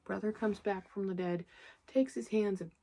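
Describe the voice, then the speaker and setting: A woman's voice: medium pitch, normal speed, heavy background noise. A woman giving a casual, rambling movie recap, swearing freely, laughing often and drifting into asides to herself. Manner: profane, candid, laughs often; digresses and talks to herself. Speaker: movie reviewer.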